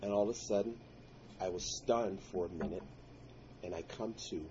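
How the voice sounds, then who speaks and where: A man with a fairly low voice recounts a personal story earnestly and intensely, calling out to the Lord at tense moments. The recording sounds dull and slightly muffled, with faint noise underneath. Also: moderate pace, warm tone. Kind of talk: personal story told to listeners.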